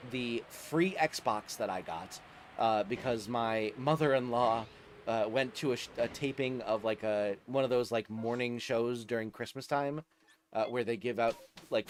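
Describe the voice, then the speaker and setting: A man's voice: medium pitch, a little hiss or hum. A man hosting a casual livestream, chatting with viewers, laughing often and stumbling over his words. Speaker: streamer.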